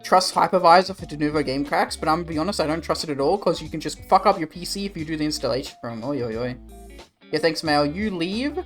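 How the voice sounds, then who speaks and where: A man's voice: fairly high pitch, fast talker, soft background music. A young Australian man chatting casually with his stream viewers, rambling and swearing in a laid-back way. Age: young adult. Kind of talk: casual livestream chat.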